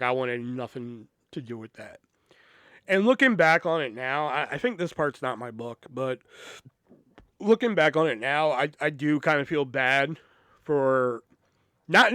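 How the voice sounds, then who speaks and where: A man's voice: mid-range voice, smooth, no echo, clean studio sound. A young man hosting a podcast, telling a personal story in a casual monologue, swearing freely and rambling with restarts and fillers. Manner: turns quiet and reflective.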